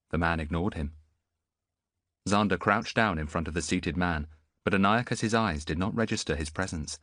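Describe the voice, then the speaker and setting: A man reading an audiobook as the narrator, telling the story in an expressive way. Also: sits low, moderate pace, no echo, clean studio sound. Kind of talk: scripted narration.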